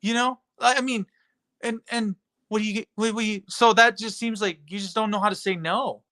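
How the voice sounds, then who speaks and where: A man's voice: high voice, fairly even intonation, fairly quick, sharp tone. Sarcastic, profane ranting man. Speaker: streamer addressing his chat. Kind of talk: rambling rant at a chat member.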